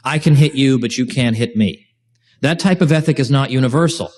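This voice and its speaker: A male lecturer talks a class through an outline in a lively, informal way. His voice sits at an ordinary middle pitch, and he breaks off with asides and quick restarts. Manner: animated, joking asides, frequent restarts. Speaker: host and lecturer. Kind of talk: informal university-style lecture. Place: lecture room with a live class.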